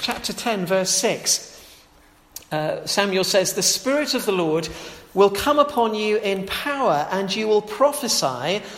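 High-voiced preacher in an echoey hall. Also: male voice, a bit bright. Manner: conversational, with frequent fillers and restarts. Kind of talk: sermon.

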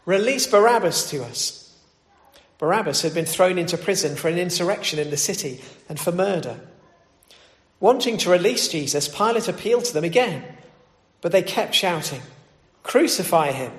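A man with a high voice reads scripture and then preaches. He talks loosely, with plenty of fillers and restarts. The recording is echoey, with a long reverb from a church hall. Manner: conversational with many fillers and restarts. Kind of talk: scripture reading and sermon.

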